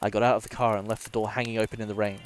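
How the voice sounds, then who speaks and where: A man's voice: lowish voice, level tone, racing, soft background music. A man streamer dramatically reading a horror story aloud, sometimes breaking off to swear and joke with his chat.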